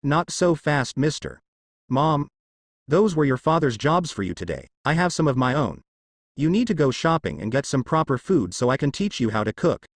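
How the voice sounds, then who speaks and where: Man reading as a bossy hot-tempered mom, scolding, animated pitch. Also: moderate pace, no echo, clean studio sound. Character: fiery overprotective mother, quick-tempered.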